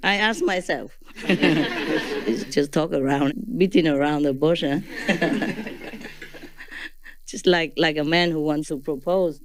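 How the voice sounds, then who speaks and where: This spiritual teacher's voice sits low, and she speaks slowly with frequent pauses. Addressing a gathering informally, she laughs a lot, ends sentences with questions, and uses non-native English phrasing.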